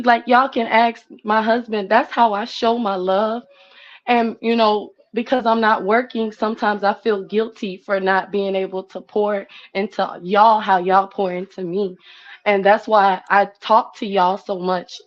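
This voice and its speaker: A young woman on a live panel, speaking with emotion close to tears, rambling and repeating words and fillers over a video call. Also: mid-range voice. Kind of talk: heartfelt casual testimony. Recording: muffled lo-fi stream audio.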